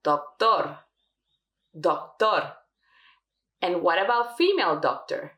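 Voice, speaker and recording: Female teacher running a lesson drill; animated intonation, roomy sound. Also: fairly low pitch. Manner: slow, careful modelling of words. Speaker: Spanish teacher.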